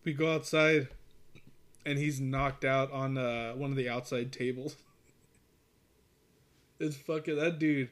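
A man's voice: mid-range voice, steady tone, slow pace, long pauses. Rambling, profane male storyteller. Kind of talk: casual chat.

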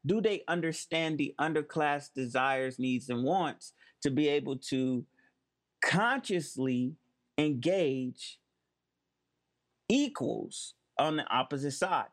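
Man, host delivering a monologue commentary; slightly high, emphatic, leaning on key words. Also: lively intonation, takes it slowly.

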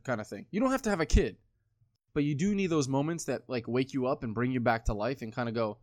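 A man's voice: medium pitch, expressive, quick pace, a little mellow, no room sound. A man in his twenties talking casually, rambling with lots of swearing and filler words. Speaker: podcast co-host. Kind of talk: casual chat.

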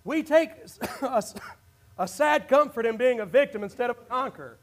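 A man preaching a sermon as pastor, swinging from quiet reasoning to shouted calls and acting out imagined excuses. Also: extremely high pitch, lively intonation, fairly quick. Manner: builds to shouted, preaching climaxes.

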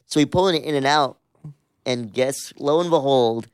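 A man in his thirties from Southern California tells a rambling story in a casual chat, thick with fillers and swear words. His voice is smooth and clear, and the recording is close and dry. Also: mid-range voice, moderate pace, no room sound. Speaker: musician guest.

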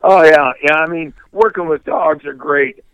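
An older man from Michigan, a retired pitcher and podcast guest, telling animated hunting stories in casual chat. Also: moderate pace, clear, resonant tone, no room sound, lo-fi sound. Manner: animated anecdote teller, mimics yelping dogs and shouting people.

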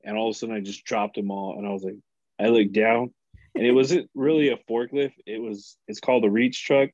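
A man in his thirties, a podcast guest, telling a story in a casual, profane and animated way. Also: fairly low pitch, brisk, no room sound, lo-fi sound. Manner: animated, profane, acts out quoted voices.

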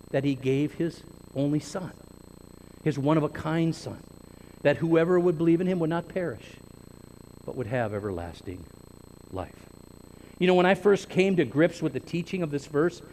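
Slow, high-voiced man preaching a sermon. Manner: deliberate, emphatic, stretches key words. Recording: long reverb with faint noise.

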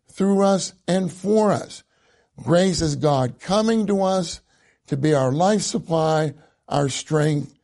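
A man preaching a sermon, slow and earnest, quoting scripture at length. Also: fairly high pitch, vocal fry, warm tone.

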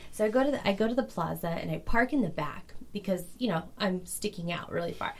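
A woman guest on a podcast, telling stories in a casual, animated way, laughing often and acting out what people said. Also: fairly low pitch, fast. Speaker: podcast guest, vintage furniture dealer. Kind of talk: casual storytelling chat.

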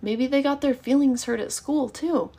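Parenting coach, woman, 30s, encouraging and earnest, a touch of vocal fry. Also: high-pitched, moderate pace. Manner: earnest and encouraging, acts out calm parent phrases. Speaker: parenting educator. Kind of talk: casual teaching monologue.

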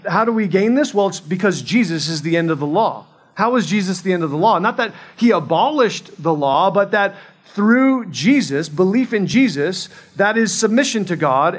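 A man in his forties preaching a sermon in an earnest, conversational way, often restarting his phrases. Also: sits high. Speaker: pastor.

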